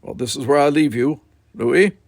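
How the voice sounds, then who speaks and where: A man voicing an earnest young man with a lifted, crisp way of speaking. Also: a little high, normal speed, no echo, clean studio sound, pitched above the performer's own voice. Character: earnest young man, eager cadet hopeful.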